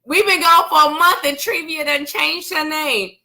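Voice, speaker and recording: Woman, casual live-stream host, teasing, calls viewers by name, high-pitched. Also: steady tone, normal speed, bright, forceful tone. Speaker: co-host of a church Facebook Live show.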